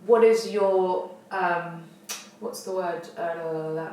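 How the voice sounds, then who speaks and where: A woman's voice: on the low side, fairly even intonation, slow pace, darkish tone, a little hiss or hum. A woman co-hosting a podcast, rambling as she searches for words and laughs it off. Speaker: podcast co-host. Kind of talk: casual chat. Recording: roomy echo, distant mic.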